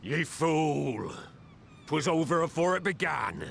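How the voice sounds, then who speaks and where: An actor playing a weathered old male pirate captain who scolds and rallies his crew in gruff pirate speech for a game cutscene. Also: on the high side, animated, slow pace, fairly bright tone, slight background noise, exaggerated voice. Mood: scolding. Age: older. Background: game music.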